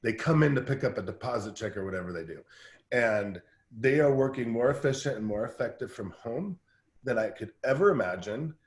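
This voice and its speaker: Energetic man telling quick stories. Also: mid-range voice, roomy sound. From Southern California. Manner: energetic, fast storytelling with many restarts. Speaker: guest team-building coach. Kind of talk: casual interview talk.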